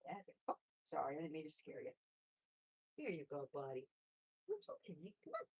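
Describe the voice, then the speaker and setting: A woman hosting a live stream about her pet rabbits, chatting casually and talking softly to the animals. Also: low-pitched, very animated, brisk, slightly rough. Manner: chatty, rambling, with restarts; soft baby-talk to pets, often away from the mic. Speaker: pet channel host.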